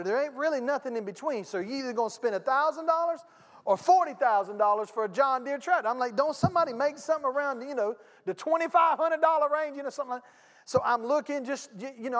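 A man's voice: high voice, a bit bright. A man, a pastor telling a story in a conversational, folksy sermon with asides to the congregation. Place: church sanctuary. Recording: long hall reverb.

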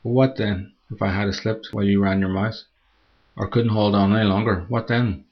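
A man's voice: fairly even intonation, normal speed, dull audio, close to an everyday voice. A man voicing a reckless young woman crying out. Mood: furious. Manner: high pleading cries. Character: reckless young woman, teasing then terrified.

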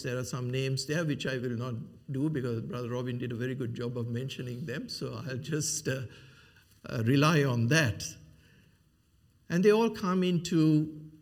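A man preaching a sermon, retelling a Bible story with rhetorical questions and frequent fillers. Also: medium pitch.

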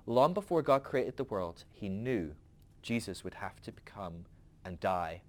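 A man's voice: fairly low pitch, expressive, unhurried, a little mellow, a little hiss or hum. A man hosting a podcast, talking through a rambling, conversational philosophical monologue with frequent asides to the listener. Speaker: podcast host.

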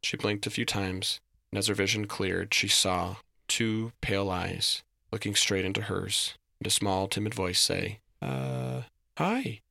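Gravelly man reading a story. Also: deep voice, a little slow, no echo, clean studio sound. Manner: steady, descriptive reading. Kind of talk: story narration.

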